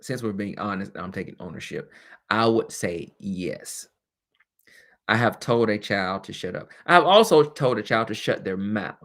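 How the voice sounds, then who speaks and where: A man's voice: fairly low pitch, animated, moderate pace, a bit bright. A man hosting a webcast as a former teacher, talking candidly and casually, with frequent laughs and chatty asides.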